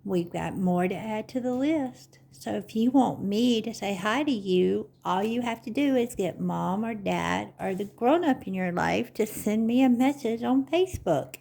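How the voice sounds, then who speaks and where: A woman hosting a children's story time, speaking gently and encouragingly to young listeners like a teacher. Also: medium pitch, vocal fry.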